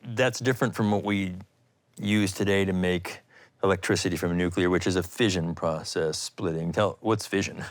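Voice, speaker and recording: A man's voice: low-pitched, moderate pace, dry recording. A middle-aged man hosting an energy show, narrating from a script and then chatting curiously with guests. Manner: lively, curious, laughs easily. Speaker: host, energy scientist. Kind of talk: scripted narration and casual interview chat.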